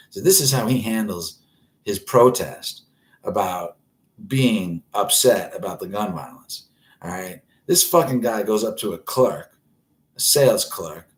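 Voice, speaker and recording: Profane, rambling man ranting on a live show. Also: fairly low pitch. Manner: profane, rambling, swears constantly. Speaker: host. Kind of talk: live-stream rant.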